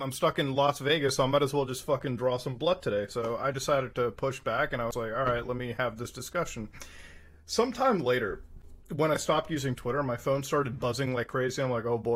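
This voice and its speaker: A man in his twenties in a casual podcast chat, telling a story with lots of swearing and acting out the exchanges he quotes. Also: mid-range voice. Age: 20s. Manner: animated, profane storytelling, acts out quoted exchanges. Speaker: podcast co-host.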